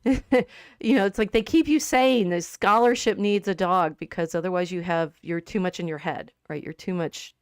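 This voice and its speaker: A middle-aged woman co-hosting a casual livestream chat, talking in halting, restarting phrases while grieving and near tears. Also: on the low side, clear, resonant tone, dry recording, clean studio sound. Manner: halting, many restarts, tearful. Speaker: co-host.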